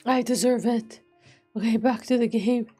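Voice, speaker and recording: A woman's voice: on the high side, fairly even intonation, normal speed, mellow, slightly rough, soft background music. A woman streamer chatting casually on a live stream, giggly and self-deprecating as she rambles, her nose stuffed up and burning.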